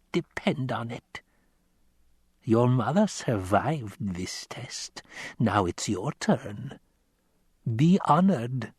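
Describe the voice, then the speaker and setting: A menacing old crone, as a male narrator puts her on, speaking slowly and sternly, every word an order. Her voice sits at a middling pitch and takes its time. The recording is dry and close, with no room sound. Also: breathy edge, dry recording. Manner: slow, stern, commanding.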